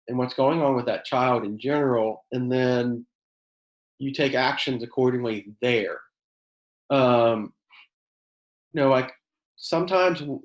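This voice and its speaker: A man who teaches high school chemistry, leading a workshop for teachers in a conversational way with many fillers. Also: reverberant, low-quality recording. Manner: conversational, many fillers, acts out quoted exchanges; self-described sarcastic.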